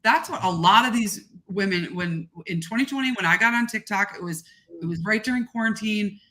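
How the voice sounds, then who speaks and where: Woman, gregarious, animated, casual podcast chat. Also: medium pitch, fairly quick. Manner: gregarious, animated, expressive talker. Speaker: guest content creator.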